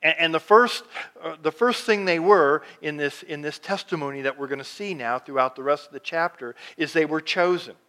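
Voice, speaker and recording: A man preaching a sermon as pastor, reading scripture slowly and swinging from loud emphatic lines to hushed ones. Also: fairly high pitch.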